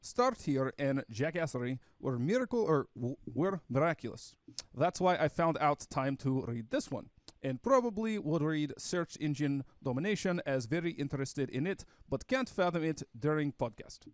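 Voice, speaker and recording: A young Russian student reads out his own fan email in halting, broken English, with a slightly raised voice, as a man puts on the accent. The sound is dry and close. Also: a little high, animated, sharp tone, dry recording, heavily acted. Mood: earnest. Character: stereotypical Russian male student reading an email.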